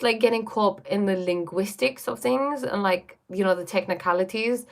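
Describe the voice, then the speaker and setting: A woman's voice: medium pitch, normal speed, gravelly, hardly any pauses. A woman hosting a casual stream and answering viewer questions, thinking aloud with fillers and restarts. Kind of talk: casual chat.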